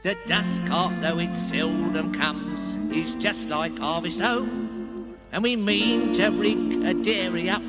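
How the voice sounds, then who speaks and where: Basil Brush, a cheeky chuckling fox. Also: male voice, sits high, takes it slowly. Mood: jolly singing. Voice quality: chuckling, music-hall sing-song. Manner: cheeky quips with bursts of laughter. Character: cheeky male fox puppet, jokey and boastful. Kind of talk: comic song and patter record. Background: brass band music.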